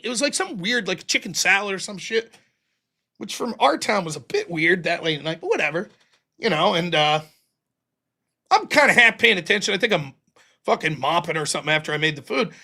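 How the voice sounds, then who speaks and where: A man hosting a live stream, spinning casual stories full of swearing. His voice is bright and forward, and his pitch swings widely as he acts out old arguments. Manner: profane, animated, yelling in retold quotes. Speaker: livestream host. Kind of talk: casual storytelling.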